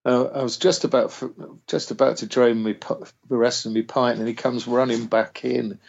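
Male musician, casual storyteller, raspy fry-edged voice, dull recording, swears often. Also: mid-range voice, steady tone, normal speed, hardly any pauses, a little mellow. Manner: rambling, swears freely, acts out quotes. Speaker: musician guest. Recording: dull lo-fi sound.

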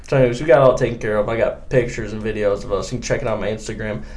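A man's voice: on the low side, rapid-fire. A young man from Michigan telling a story in a casual podcast chat, acting out the quotes of other people. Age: young adult. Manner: animated storyteller, acts out quotes. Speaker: guest angler.

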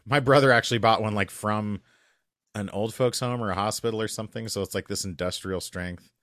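A man co-hosting a podcast in casual chat, chatty and opinionated with quick asides. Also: on the low side, fairly even intonation, a bit bright, no room sound, clean studio sound. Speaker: podcast co-host.

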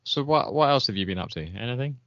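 A man, co-hosting a casual chat podcast, chatty and quick to laugh. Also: medium pitch, animated, a bit bright, dry recording, highs cut off. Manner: chatty, laughs often, trails off. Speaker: podcast co-host.

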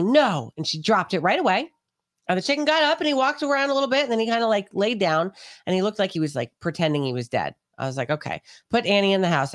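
A woman co-hosting a podcast, telling a story in a casual, profane, animated way. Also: lowish voice, no echo, studio quality. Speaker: podcast co-host.

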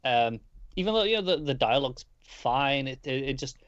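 A man's voice: mid-range voice, animated, moderate pace, a bit bright, dry recording, muffled recording. A man co-hosting a casual comic book podcast, hesitant and repeating words as he thinks. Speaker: podcast co-host.

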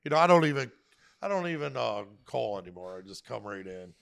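Gravelly man, lively casual talk. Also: mid-range voice, brisk. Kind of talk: casual chat.

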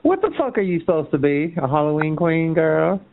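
A man's voice: big pitch swings, brisk, vocal fry, noisy background. A man calling into a chat line, trading insults and taunts in a heated argument. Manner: taunting, mocking, swinging into a shrill sneer. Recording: tinny phone line.

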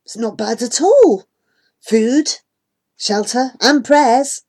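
A woman's voice: a little high, expressive, takes it slowly, a little mellow, pitched above the performer's own voice. A woman voicing a cheerful, easygoing young village boy in an audiobook, reassuring and matter-of-fact. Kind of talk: audiobook character voice.

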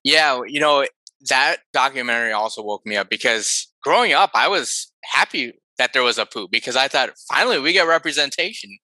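Bright-voiced, animated man on a podcast. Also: mid-range voice, moderate pace, no echo, poor audio. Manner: thoughtful, animated, with self-corrections. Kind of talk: casual conversation.

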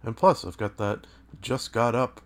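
A man hosting his own podcast, talking in a rambling, self-deprecating way with dry asides, his voice a little hoarse from just waking up. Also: medium pitch, a little slow. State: morning voice, slightly hoarse. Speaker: podcast host. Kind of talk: casual solo media review.

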